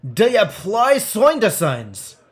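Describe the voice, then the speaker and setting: A man voicing a swarthy, eye-patched male sailor and dice gambler, with a thick put-on seafaring accent and a slow, drawn-out delivery. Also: fairly high pitch, lively intonation, fairly bright tone. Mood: boisterous.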